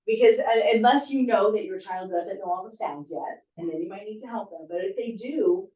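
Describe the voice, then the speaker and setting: A woman's voice: medium pitch, brisk, mellow. A woman teacher giving parents practical tips on reading at home, acting out what to say to a child. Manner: gives practical advice, acts out classroom phrases. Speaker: first grade teacher. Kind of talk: parent workshop presentation. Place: school room with parents. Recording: muffled, distant, echoey room.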